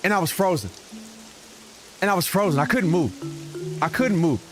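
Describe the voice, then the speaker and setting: A man streaming a game and telling a story in casual chat, animated and given to exaggerated repetition. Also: high voice, moderate pace, soft background music. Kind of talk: casual storytelling while gaming.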